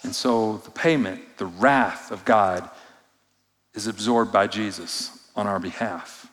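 A man preaching a sermon as pastor, expressive, moving between loud emphasis and hushed, low passages. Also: slow. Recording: long reverb of a large hall.

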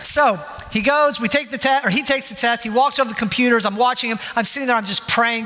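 A high-pitched man in his forties delivers a sermon as a story, poking fun at himself along the way. His voice has a bright, forceful edge. A long hall reverb trails behind each phrase. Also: fast talker, few pauses. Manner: storytelling, self-mocking humor. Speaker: pastor.

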